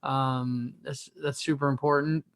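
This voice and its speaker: A man's voice: medium pitch, flat delivery, a little slow, a bit bright, no echo, studio quality. A male podcast host interviewing a guest, rambling and encouraging with frequent restarts. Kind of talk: casual interview hosting.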